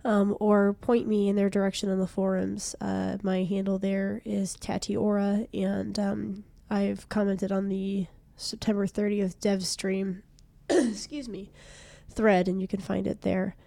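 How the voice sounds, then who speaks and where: A young woman with a cold, her voice hoarse and stuffy, chatting casually and self-deprecatingly while streaming a game from a small room. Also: mid-range voice, level tone, unhurried, warm tone, dry recording. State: congested from a cold.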